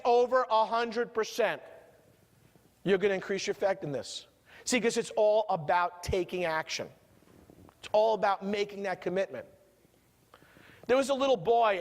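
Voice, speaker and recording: A man with a New York accent and a notably high voice delivers a keynote with lively storytelling energy, often turning to the crowd with questions. His voice rings out with a long reverb tail from a big conference hall. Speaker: motivational keynote speaker. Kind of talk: keynote speech.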